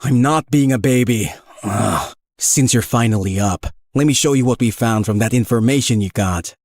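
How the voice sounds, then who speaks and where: A man voicing a dry, sarcastic young male secret agent in an animated story. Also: mid-range voice, moderate pace, dry recording, lightly acted. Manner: dry, teasing, deadpan.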